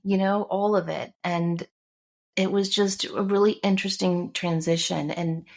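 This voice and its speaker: A middle-aged woman in an easygoing conversation, recounting a personal story with feeling and slipping into the voices of the people in it. Her voice sits a little low. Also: fairly even intonation, measured pace, gravelly. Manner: warm storytelling, emotional, acts out quotes. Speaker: podcast co-host. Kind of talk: casual chat.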